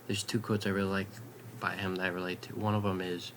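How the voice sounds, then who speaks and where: A young man vlogging in a late-night ramble at home, swearing casually and drifting into soft half-whispers. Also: deep voice, flat delivery, fast, a little hiss or hum.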